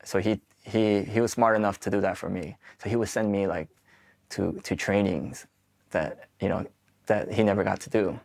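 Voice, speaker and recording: A man's voice: fairly low pitch, fairly even intonation, moderate pace, creaky, darkish tone. A man in his forties from Queens, New York, telling his own military stories in a candid, swearing, casual way. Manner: candid, profane, acts out quoted exchanges. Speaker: Marine veteran guest. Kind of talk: casual storytelling interview.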